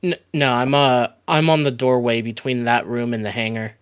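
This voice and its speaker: A man playing in a tabletop role-playing game, talking in a relaxed, chatty way. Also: medium pitch, normal speed, smooth. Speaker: player. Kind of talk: casual tabletop game talk.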